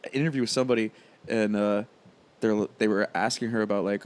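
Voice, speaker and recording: A man's voice: lowish voice, fairly even intonation, fast talker. A man co-hosting a podcast in casual chat, talking bluntly and swearing freely. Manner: blunt, profane, laughs at his own jokes. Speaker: podcast co-host.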